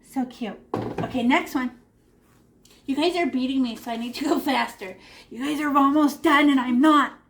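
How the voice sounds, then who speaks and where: A woman teaching an online art class to children from her room at home, talking in an animated, encouraging way over a video call. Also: sits high, normal speed, background noise. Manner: animated, encouraging, talks to kids.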